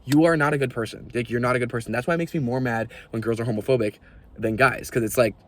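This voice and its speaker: A young man ranting to camera in a vlog, animated and exasperated, swearing freely. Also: medium pitch, fast talker, slight background noise. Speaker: video creator.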